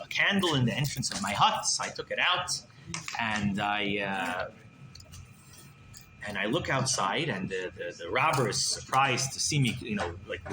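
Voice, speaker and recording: A male rabbi telling a story in a sermon, animated, with many restarts and repeated words. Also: medium pitch. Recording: roomy room with background noise.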